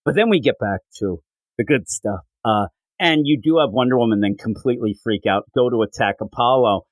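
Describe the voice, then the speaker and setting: A man co-hosting a podcast, excitedly recapping a comic book scene in casual chat. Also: mid-range voice, a little fast, no room sound, poor audio. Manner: excited, animated recapping with quoted lines. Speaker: podcast co-host.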